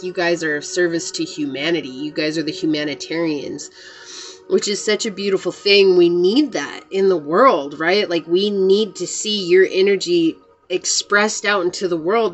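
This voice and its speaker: Woman, lowish voice, chatty tarot reader talking to camera, faint music underneath. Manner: chatty and earnest, many "like" fillers. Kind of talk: casual tarot reading to camera.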